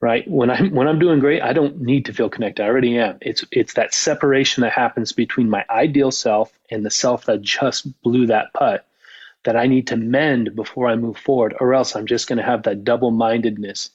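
A man who is a mental performance coach and author, talking calmly and reflectively in a casual podcast conversation. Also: medium pitch, moderate pace, breathy edge, lo-fi sound.

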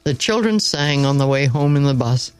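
A woman reading a story aloud in a measured, wry storytelling manner. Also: extremely low pitch, lively intonation, clear, resonant tone, rough recording.

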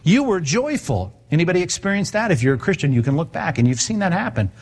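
A male pastor giving a sermon in a conversational, animated way, often asking his listeners rhetorical questions. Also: on the high side, quick pace.

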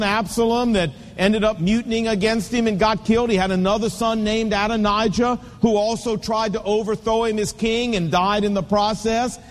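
A man in his fifties preaching a sermon, telling stories and hammering home points with repeated punchy phrases. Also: high voice. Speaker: pastor. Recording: long reverb of a large hall.

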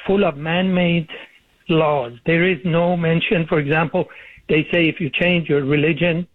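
A man calls in to talk radio over a tinny phone line, his voice dry and a bit high for a man. He argues earnestly and stops now and then with an "uh" to find his words. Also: steady tone, no room sound. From Iran. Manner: earnest, argumentative, with frequent uh pauses. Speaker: caller.

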